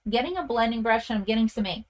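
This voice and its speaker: A woman's voice: a little high, animated, very fast, a little hiss or hum. Chatty woman running a live stamping class. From Canada. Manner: chatty, thinks aloud while working, reads viewer comments. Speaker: card-making instructor. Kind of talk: live-streamed stamping tutorial.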